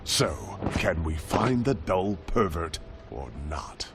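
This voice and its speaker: An actor voicing a menacing, contemptuous aristocratic man in a game, with a gravelly, sneering delivery. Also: low voice, expressive, slow pace, music in the background, heavily acted.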